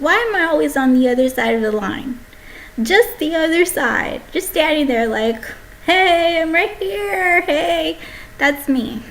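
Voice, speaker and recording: A young woman delivering a rambling, brash comedy monologue, swinging between loud outbursts and hushed asides. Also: a little high, low-quality recording. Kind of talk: stand-up monologue.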